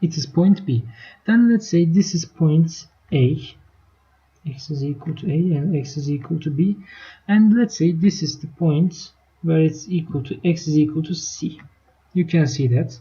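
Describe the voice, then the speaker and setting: A woman's voice: low voice, unhurried, dark tone. A woman teaching a live online math lesson, explaining step by step and checking in with her students. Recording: dull lo-fi stream audio.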